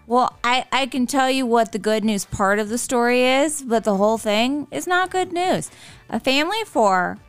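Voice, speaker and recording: A woman's voice: a little high, animated, moderate pace, clean tone, no room sound, soft background music. A woman co-hosting a radio show, speaking bluntly with sarcastic exasperation. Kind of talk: casual radio banter.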